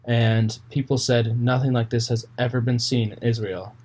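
A man's voice: mid-range voice, flat delivery, normal speed, darkish tone, slightly rough. A man reading Bible passages aloud, then explaining them in plain, casual words with fillers and small restarts. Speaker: Bible reader and commentator. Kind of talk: casual scripture reading with commentary.

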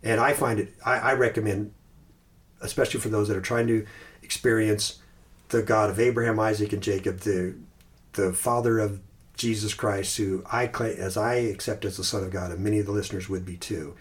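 A man's voice: on the low side, fairly even intonation. Thoughtful man hosting a faith podcast. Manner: thoughtful, halting, with restarts and slow recited phrases. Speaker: podcast host. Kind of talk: casual podcast chat about Christian meditation.

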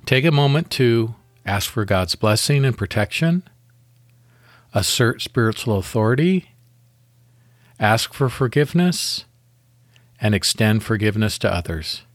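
Calm low-voiced man leading a devotional. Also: measured pace, long pauses, no echo, studio quality. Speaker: devotional podcast host. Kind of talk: guided devotional meditation.

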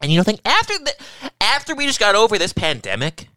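A young man in casual podcast chat, racing through his words in a bright, forward voice. He rambles through profane anecdotes, recorded close and dry with no room sound. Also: sits high, wildly swooping pitch, fast talker, dry recording. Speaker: podcast co-host.

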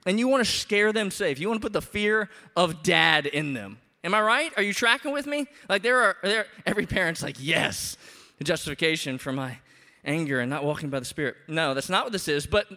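A man preaching a sermon as a pastor, in an animated, conversational way with emphatic rises. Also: sits high, in a large hall.

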